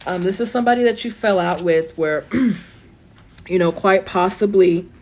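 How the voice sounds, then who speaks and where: Chatty woman reading tarot, voice going hoarse. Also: lowish voice, measured pace, darkish tone, slight background noise. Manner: chatty, reassuring, thinks aloud with many fillers. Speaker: tarot reader. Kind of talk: live-stream tarot reading. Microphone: phone.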